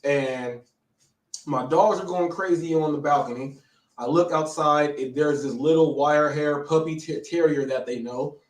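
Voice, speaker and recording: Breathless American host, a bit high-pitched, echoey and distant, keeps restarting his words. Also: unhurried. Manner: breathless, repetitive, stammering restarts. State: out of breath and shaken. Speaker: live show host. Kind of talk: excited live-stream storytelling. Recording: echoey room, distant mic.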